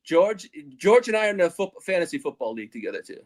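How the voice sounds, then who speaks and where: Man, middle-aged, very high voice, lively pitch, rambling casual stream chat. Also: fast talker. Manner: rambling, animated storytelling with laughs. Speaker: show co-host.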